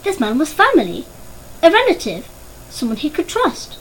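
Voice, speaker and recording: A woman reads a story aloud as an audiobook narrator, her voice high and very lively in pitch. She tells it expressively, bringing the scenes to life. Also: normal speed, slight background noise, poor audio.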